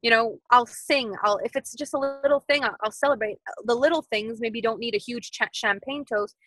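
A woman's voice: on the high side, moderate pace, dry recording, low-quality recording. A woman in her thirties, a podcast guest talking casually and animatedly, repeating her points like mantras. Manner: animated, repetitive motivational phrasing.

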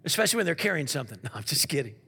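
Pastor guy preaching, high and bright, gravelly and husky, keeps asking the crowd questions. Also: rapid-fire. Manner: animated preaching with call-and-response questions. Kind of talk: sermon.

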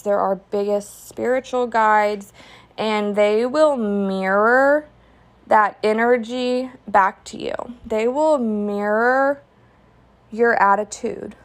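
A young woman talks through a solo podcast episode at an unhurried, drawn-out pace. Her tone is candid and reflective, scattered with fillers like "um" and "like" and an occasional curse. Her voice sits at an ordinary middle pitch. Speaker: podcast host. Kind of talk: casual solo podcast talk.

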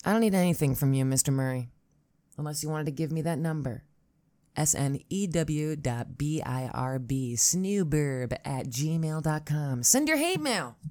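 A low-pitched woman with a Buffalo accent rambles through a solo podcast monologue, swearing freely and sounding wry. Her voice sits deep for a woman. The recording is dry and close, with no room echo. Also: lively intonation, moderate pace, darkish tone. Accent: Buffalo, New York. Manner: profane, sardonic, rambling. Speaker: podcast host.

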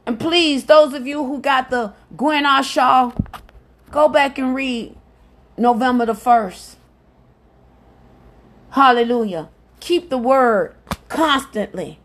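Woman preaching on her podcast, high voice, real slow and drawn out, fervent and repeating herself. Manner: fervent, repeats phrases, exclaims hallelujah. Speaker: evangelist podcast host. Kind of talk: devotional sermon.

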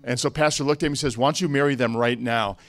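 A man from the Chicago area, a pastor on a conference panel, telling stories in a relaxed way with joking asides. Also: mid-range voice, fast, no room sound.

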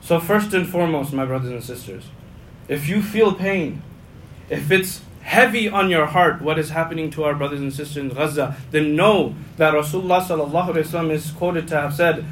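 A male imam giving a Friday sermon, passionate, swinging between loud emphatic lines and hushed low ones, repeating key phrases. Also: a little fast, poor audio.

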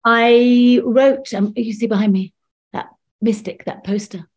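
A woman's voice: fairly high pitch, fairly even intonation, measured pace, a little mellow. A woman actor talking casually in an interview over a video call, chatty and full of restarts. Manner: chatty, restarts often, laughs between stories. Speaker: actor and guest.

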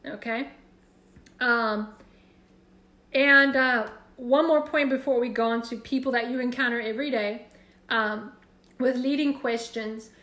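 A woman with a high voice teaches a church class. She gives direct, encouraging instruction. The room around her sounds echoey. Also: fairly even intonation, unhurried, long pauses, a bit bright.

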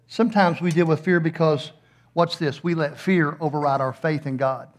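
A middle-aged man, a pastor preaching a sermon and telling a funny story with animated, playful acted-out voices. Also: fairly high pitch.

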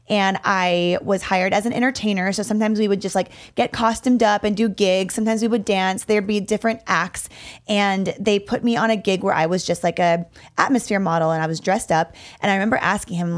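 A young adult woman in casual podcast chat, telling personal stories in a candid, expressive way and swearing freely. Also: mid-range voice.

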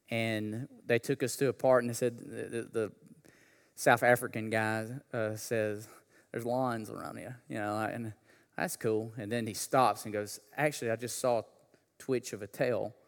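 A man preaching a sermon, talking casually with slang, then building to a loud, impassioned delivery. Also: mid-range voice, steady tone, a little slow, gravelly, in a large hall. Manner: builds from conversational to shouting preacher intensity. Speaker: pastor.

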